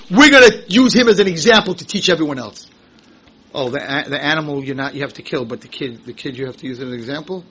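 Animated, husky-voiced male rabbi lecturing. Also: a little high, fast, rough recording. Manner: animated, emphatic, rising to shouts; rhetorical questions, acts out quotes. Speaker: rabbi teaching a Torah class. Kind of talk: Torah lecture.

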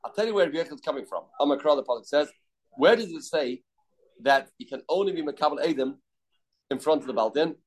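A man's voice: on the high side, lively intonation, fast talker, poor audio. A man teaching a daily Talmud class, explaining loosely with restarts and of terms.

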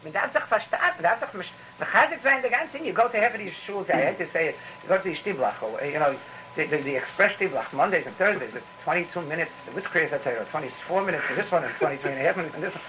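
A man's voice: fairly high pitch, expressive, quick pace, pushed and bright, slight background noise, poor audio. A man with giving a rambling, storytelling Torah talk, full of restarts and phrases. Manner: rambling, repetitive restarts, mixes in Yiddish phrases.

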